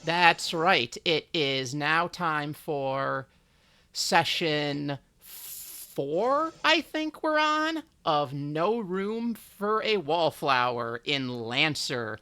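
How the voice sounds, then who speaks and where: A game master running a tabletop game on a live stream, relaxed and halting, with many fillers. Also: medium pitch, smooth.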